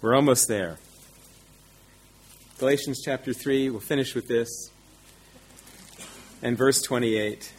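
A man's voice: mid-range voice, steady tone, slow pace, pauses often. A man preaching a sermon, teaching emphatically with rhetorical questions and self-deprecating asides.

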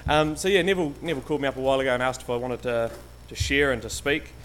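A man's voice: mid-range voice, racing, fairly bright tone, a little hiss or hum. A man giving an informal, hesitant church talk, full of ums and restarts, sometimes stepping away from the mic. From Canterbury, New Zealand. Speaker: guest lay preacher. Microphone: stage microphone, sometimes walking away from it.

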